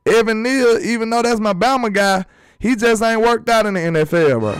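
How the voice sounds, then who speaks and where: A man hosting a casual sports talk vlog, animated and emphatic, full of rhetorical questions. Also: sits high, a little fast, clean tone, soft background music. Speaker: sports channel host.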